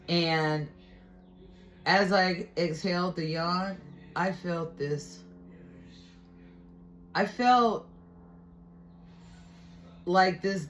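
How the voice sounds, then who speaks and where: A woman vlogger candidly recounting a personal experience in a reflective, storytelling way. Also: deep voice. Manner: candid, reflective, with frequent restarts.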